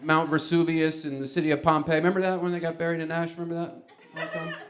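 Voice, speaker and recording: A male stand-up comedian spins a loose, rambling story from a comedy stage. His voice sits a bit high for a man. He often chuckles and trips over his own restarts. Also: little pitch movement, fast talker, crowd noise.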